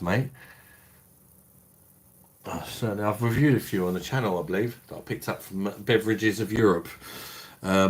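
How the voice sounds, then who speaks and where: A middle-aged man with a Cockney and Kentish accent, casually chatting on a livestream and reading out viewer comments in a matey, sweary way. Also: on the low side. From South East England, London. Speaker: beer review livestream host.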